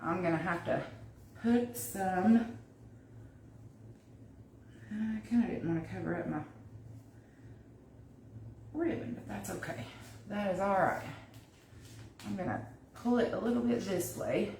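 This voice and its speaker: A chatty woman talks viewers through a craft project live from her home kitchen, thinking aloud as she works. Her voice sits at an ordinary pitch and is picked up from a few steps away. The room is echoey, with a faint hiss underneath. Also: lively intonation, a little slow, vocal fry, pauses often, dark tone. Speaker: crafter hosting a livestream. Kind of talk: casual live craft demo, talking while working. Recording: echoey room, mic at a distance, faint noise.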